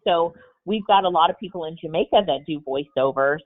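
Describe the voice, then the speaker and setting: On a video call, a woman runs a live Q&A coaching session in an upbeat, motivational way. Her voice is lowish and fairly quick, coming through tinny, phone-like webinar audio.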